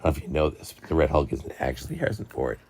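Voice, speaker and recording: A man's voice: rumbling low, fast, breathy edge. A young man hosting a casual book chat, rambling and joking as he tells stories. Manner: rambling, jokey, lively storytelling. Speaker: book channel host.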